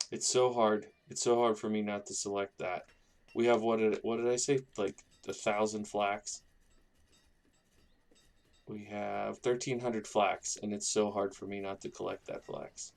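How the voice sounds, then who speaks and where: A man's voice: on the low side, fairly even intonation, measured pace, vocal fry. A man casually commenting on his own gameplay, rambling and thinking aloud as he builds a town. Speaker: gaming YouTuber.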